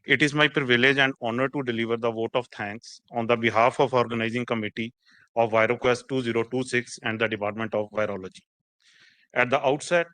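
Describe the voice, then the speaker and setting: Indian guy reading a formal vote of thanks, bright tense voice. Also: medium pitch. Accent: Indian English. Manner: formal, reading prepared remarks. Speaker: organizing secretary.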